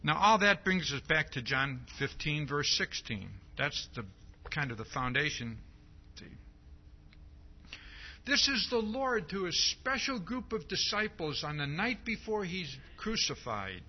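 A man preaching a sermon, reading scripture aloud and asking "see?" again and again in a slow, emphatic way. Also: fairly high pitch, very animated. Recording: dull lo-fi recording.

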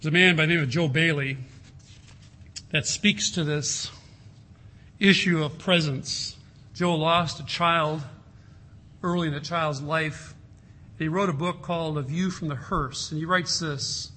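A man preaching a sermon in an earnest way, slowing down and softening his voice to stress a point. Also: a little high, fairly even intonation. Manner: earnest, slows and softens for emphasis. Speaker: pastor.

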